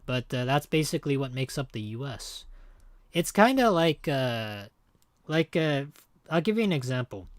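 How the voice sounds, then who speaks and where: A man rambles and jokes with his viewers while streaming a game. His voice sits at an ordinary middle pitch, and the sound is dry and close with no room echo. He talks in loose, meandering asides. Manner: rambling and joking, chatting with viewers. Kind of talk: casual livestream chat.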